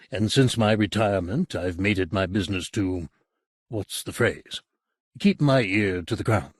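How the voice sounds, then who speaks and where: A man voicing a persuasive, cultured older gentleman who speaks in a measured, grave way. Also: on the low side, slightly rough, no room sound, clean studio sound.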